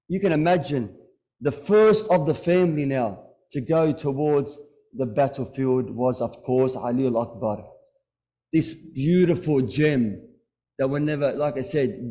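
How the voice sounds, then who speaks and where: A man's voice: medium pitch, mellow. A man giving a Muharram majlis sermon, speaking conversationally and putting direct questions to the congregation. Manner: retells stories with acted dialogue. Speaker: religious lecturer.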